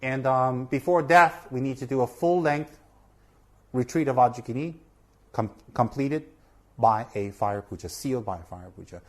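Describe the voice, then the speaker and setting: Brief male Buddhist teacher, casual earnest teaching talk, medium pitch. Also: normal speed. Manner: earnest, repeats for emphasis, asks "okay?". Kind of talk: informal teaching talk to camera.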